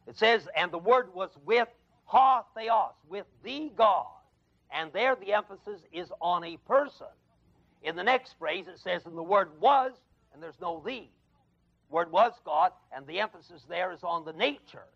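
A man's voice: sits high, expressive, moderate pace, gravelly, fairly bright tone. A man teaching an adult Bible class in a classroom, emphatic, repeating key words and quizzing his listeners. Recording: dull lo-fi 1979 class recording.

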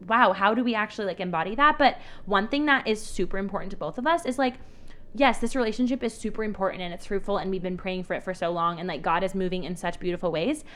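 A woman's voice: medium pitch, fairly bright tone. A young woman co-hosting a faith podcast, chatting in a bubbly way with lots of "like". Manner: bubbly, quick, full of "like". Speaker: podcast co-host. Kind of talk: casual faith podcast chat.

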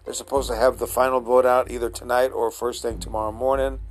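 A man talking casually on his own, meandering from point to point with lots of restarts and pauses to search for words. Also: medium pitch, level tone. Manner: meandering, chatty, frequent uh fillers and restarts. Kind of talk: casual rambling monologue.

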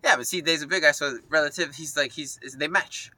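A man's voice: fairly high pitch, fairly quick, bright, forceful tone, no echo. A man co-hosting a podcast, insisting on his point by repeating himself in casual banter. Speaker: podcast co-host.

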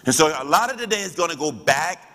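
A man's voice: on the high side, expressive, quick pace, bright, forceful tone, long reverb tail. A man teaching as a pastor in church, preaching with rhetorical questions and call-and-response.

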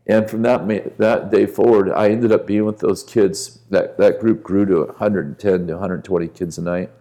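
A man's voice: sits low, creaky, warm tone. A man speaking as a guest minister on a podcast, telling a story earnestly and with conviction.

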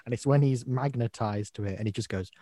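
A man's voice: medium pitch, fast, dark tone, dry recording, studio quality. A man co-hosting a podcast, chatting casually and laughing as he retells favourite lines. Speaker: podcast co-host. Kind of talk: casual chat.

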